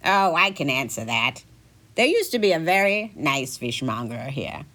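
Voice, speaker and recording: Brief: fussy man wizard, exasperated and lively, for an audio story, voiced by a woman. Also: a bass voice, moderate pace, pitched below the performer's own voice, exaggerated voice. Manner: exasperated scolding.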